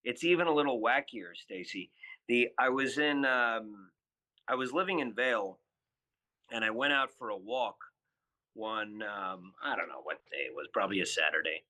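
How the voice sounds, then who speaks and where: A man's voice: on the low side, lively intonation, normal speed, bright, forceful tone, low-quality recording. A man in his fifties, a podcast guest and spirits entrepreneur, telling rambling stories with lots of fillers and restarts. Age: 50s. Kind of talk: casual podcast storytelling.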